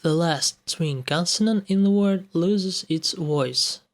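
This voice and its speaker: Man, language teacher, slow and deliberate, example words spaced out one by one. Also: fairly high pitch. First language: Russian. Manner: measured, says each example word on its own. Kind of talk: scripted explanatory lesson with example words.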